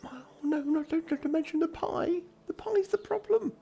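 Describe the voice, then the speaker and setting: A man doing a squeaky frantic little gnome woman. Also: creaky, warm tone. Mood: pleading. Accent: put-on Southwest English. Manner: pleading, hurried. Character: tiny anxious female gnome stuck in dough.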